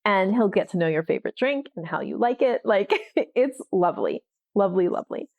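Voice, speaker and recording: A woman's voice: medium pitch, animated, brisk, narrow, tinny audio. A woman hosting a solo podcast as a writing coach, talking casually with frequent laughs and filler words. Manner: chatty, laughs often, fillers like "like" and "you know".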